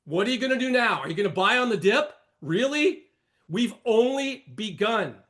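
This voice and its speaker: This is an older man with a notably high voice who hosts a trading session. He lectures bluntly and with animation, jumping between warnings and asides. His commentary comes across as a sermon-like monologue. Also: lively intonation, moderate pace, fairly bright tone. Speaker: trading room host.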